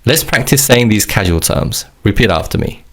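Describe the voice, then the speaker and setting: A man's voice: fairly low pitch, lively intonation, normal speed. A man teaching a recorded language lesson, explaining words patiently and leading repeat-after-me drills.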